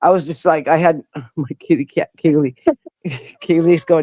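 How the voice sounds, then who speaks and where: A woman's voice: deep voice, normal speed, mellow, no room sound. A woman being interviewed, telling a long personal story in a rambling way, with frequent restarts and her voice rising when she acts out what people said. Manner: acts out quoted dialogue with a rising voice. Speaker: interview guest. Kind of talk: conversational storytelling.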